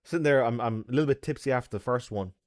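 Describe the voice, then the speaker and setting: A man's voice: mid-range voice, racing, a little mellow, no room sound, clean studio sound. A man streaming games, chatting casually with viewers and telling stories full of sound effects and swearing. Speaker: game streamer.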